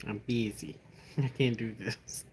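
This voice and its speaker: A man making dry, low-key remarks from off camera during a livestream. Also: measured pace, a little mellow, slight background noise.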